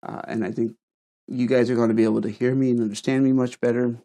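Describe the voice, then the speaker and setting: Speaking fast with a level tone and a dark, medium-pitched voice, a man talks to camera in a casual gadget-review vlog. Wearing a wireless lapel mic at home, he rambles, stumbles and repeats himself.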